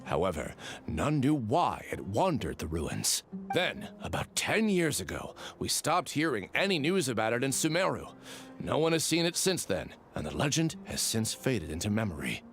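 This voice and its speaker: A man's voice: medium pitch, a bit bright. An actor playing a chatty older village man who tells a local legend in a video game, folksy and talkative.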